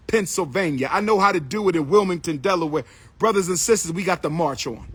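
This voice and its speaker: A man's voice: sits high, fast talker, breathy edge. A middle-aged man giving an impassioned speech as an activist, preaching and repeating his calls and pleas. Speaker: activist speaker.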